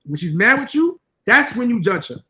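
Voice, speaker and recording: A man's voice: very high-pitched, big pitch swings, normal speed, pushed and bright, poor audio. A man co-hosting a podcast, talking casually in a blunt, profane, lecturing way. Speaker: podcast co-host.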